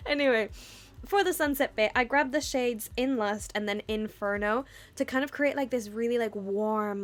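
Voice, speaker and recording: A woman's voice: a little high, normal speed. A young woman narrating a makeup tutorial in a chatty, rambling way, often laughing at her own slips. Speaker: beauty vlogger. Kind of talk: casual makeup tutorial voice-over.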